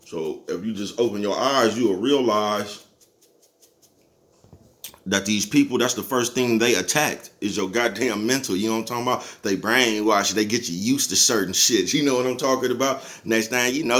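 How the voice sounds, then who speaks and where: A man's voice: medium pitch, moderate pace, fairly bright tone. Chuckling, laid-back man preaching casually. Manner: laid-back, chuckles often, keeps asking "you know what I'm talking about?"; profane, preachy street talk. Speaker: vlogger. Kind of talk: casual motivational monologue.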